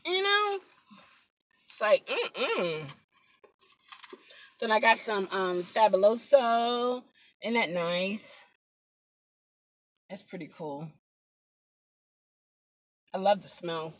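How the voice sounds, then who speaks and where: A woman's voice: medium pitch, takes it slowly, pauses often. A woman rideshare driver chatting casually on a live stream from her car into a phone, telling stories with lots of exclamations. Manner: chatty, animated storytelling with frequent exclamations. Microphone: phone mic.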